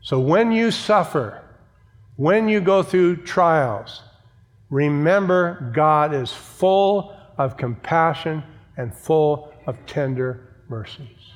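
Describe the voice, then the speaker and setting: A pastor with a slightly high, animated voice preaches slowly and emphatically in a reverberant hall. He repeats phrases and makes asides to the congregation, and the recording carries a long church reverb.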